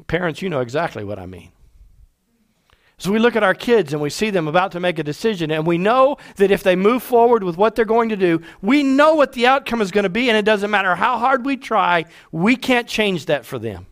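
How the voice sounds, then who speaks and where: A male pastor delivers a sermon in a high, expressive voice. He acts out quoted speech and sometimes drops to a near-whisper for emphasis. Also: brisk. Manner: animated preaching, acting out quoted voices, dropping to hushed tones.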